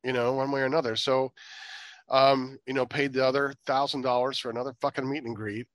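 A man hosting a podcast, telling anecdotes quickly and swearing freely. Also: medium pitch, level tone, dry recording. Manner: fast, profane anecdote telling. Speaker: podcast host. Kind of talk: casual podcast chat.

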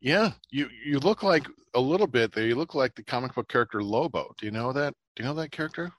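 A man's voice: medium pitch, expressive, fast, dry recording. A man co-hosting a podcast in casual chat, joking and rambling with frequent laughs. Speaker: podcast co-host.

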